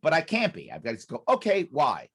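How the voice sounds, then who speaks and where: A man's voice: medium pitch, quick pace, slightly rough. A man speaking as a podcast guest and business consultant, explaining a method emphatically, repeating key points with restarts. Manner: animated, acts out quoted dialogue.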